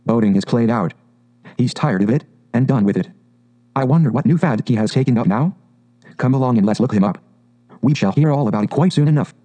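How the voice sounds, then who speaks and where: A man voicing a cheerful, good-natured male water rat from a storybook, talking in a brisk, hearty, chatty way. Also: medium pitch, warm tone, lightly acted, poor audio.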